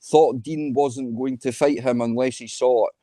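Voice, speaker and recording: A man's voice: medium pitch, steady tone, normal speed, crowd noise. A man hosting a live stream, reading viewer chat messages to the panel. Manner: plain, reads out chat messages.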